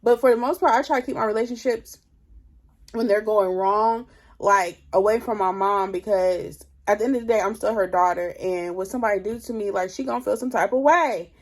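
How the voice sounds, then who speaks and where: A young woman telling a storytime tale in casual chat, drained and low on energy, leaning on 'like' as she talks. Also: brisk. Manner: chatty, leans heavily on 'like'. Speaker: vlogger.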